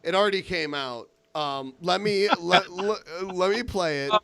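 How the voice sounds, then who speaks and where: A man co-hosting a podcast in casual comedic chat, quick to laugh. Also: sits high, gravelly, pushed and bright, no room sound. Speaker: podcast co-host.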